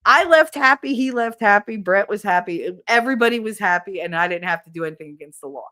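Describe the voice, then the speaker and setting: A woman's voice: medium pitch, expressive, fast talker, bright, forceful tone. A middle-aged woman, a podcast co-host, telling stories in a casual, candid and profane way, often quoting others. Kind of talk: casual storytelling.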